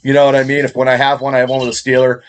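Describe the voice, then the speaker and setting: Profane, rambling podcast co-host. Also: male voice, medium pitch, monotone, racing, clear, resonant tone. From Indiana, USA. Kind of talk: casual podcast chat.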